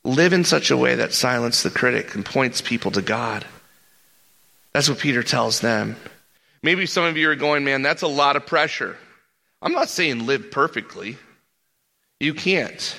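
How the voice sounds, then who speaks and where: Male pastor, sermon; gravelly, animated, climbs in pitch to stress points. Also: a little slow. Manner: animated, rising pitch on emphasis, repeats words. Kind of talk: sermon with storytelling.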